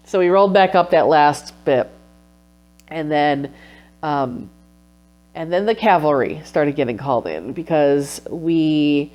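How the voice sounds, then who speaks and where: This woman's voice is low and a little mellow. A vlogger and textile researcher, she recaps her research in a casual vlog, turning emotional, teary and sniffling at times.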